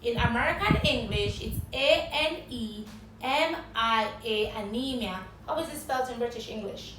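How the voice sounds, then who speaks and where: A woman's voice: a little high, expressive, normal speed, fairly bright tone, echoey room, far from the mic, slight background noise, rough recording. A woman with a Jamaican accent teaching an English vocabulary lesson, spelling words letter by letter and quizzing a guest.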